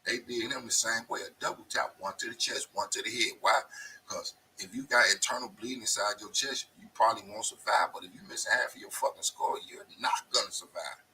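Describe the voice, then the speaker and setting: A man's voice: fairly low pitch, fairly quick, bright, forceful tone, far from the mic, a little hiss or hum, rough recording. A male show host delivering a blunt, profane, emphatic monologue straight to his viewers. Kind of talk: casual ranting monologue.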